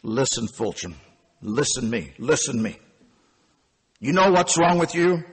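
A man's voice: very animated, husky, long reverb tail, full character voice. A man doing a sorrowful old night auditor. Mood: weary. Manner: slow, low, stern and tired. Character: sorrowful elderly German Jewish night auditor, weary and blunt.

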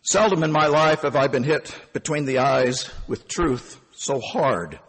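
A man in his fifties telling a first-person story, animated and emphatic. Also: mid-range voice, a little slow, breathy edge, long reverb tail. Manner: animated and emphatic, with punchy phrasing.

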